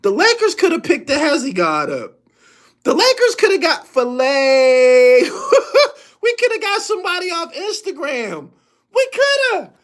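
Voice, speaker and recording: Animated man ranting about sports, laughing. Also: extremely high pitch, a little slow. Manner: animated, profane, laughing often. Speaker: sports podcast host.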